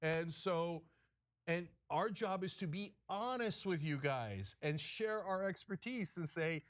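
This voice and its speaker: Impassioned high-voiced male political host. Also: expressive, slow pace, a bit bright. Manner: impassioned, emphatic, sarcastic asides. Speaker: political talk show host. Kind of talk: heated political commentary.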